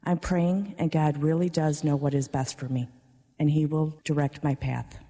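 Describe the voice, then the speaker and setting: A woman, a parishioner, reading a prepared personal testimony in a church, earnest and steady. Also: deep voice, moderate pace. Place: large church. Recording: long church reverb.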